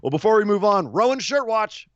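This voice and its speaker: Recapping wrestling on a laid-back podcast, this co-host is lively, teasing his partner and laughing easily. His voice sits high, with no room sound, and the audio has its highs cut off.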